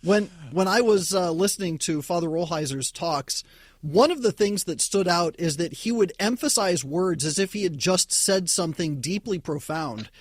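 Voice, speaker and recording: A man as a talk show guest, speaking bluntly and scornfully with slow emphasis. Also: high-pitched, animated, no room sound, clean studio sound. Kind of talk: casual talk show discussion.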